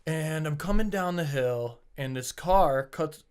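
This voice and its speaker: Young male podcast guest, animated storyteller, fairly high pitch, casual and profane. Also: unhurried, clean tone. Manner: animated, swears freely, acts out shouted quotes.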